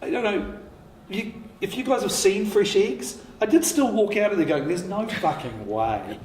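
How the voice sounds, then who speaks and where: A man's voice: high voice, expressive, normal speed, darkish tone. Man in his fifties telling stories with a laugh. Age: 50s. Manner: laughing, swearing, full of restarts. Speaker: writer and co-creator on a panel. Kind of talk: candid anecdotal panel talk. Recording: echoey hall with faint noise.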